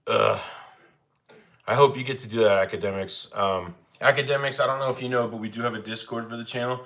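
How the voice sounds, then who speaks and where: On a relaxed cooking livestream, a young man rambles and chats easily with his viewers, speaking briskly with fairly even intonation and a fairly bright tone. When addressing his dogs, his voice rises higher. The audio is lo-fi and slightly dull.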